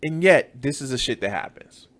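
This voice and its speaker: A man's voice: medium pitch, expressive, normal speed, fairly bright tone. A man giving profane, exasperated reaction commentary on a video, mocking its creator. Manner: mocking, exasperated, swears often. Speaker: reaction streamer.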